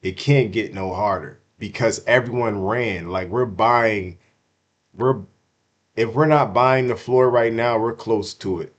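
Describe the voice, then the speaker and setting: A man giving casual, slangy crypto market commentary to his chat, swinging from hyped shouts to hushed apologies and repeating himself. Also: lowish voice, measured pace, lo-fi sound. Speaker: crypto streamer.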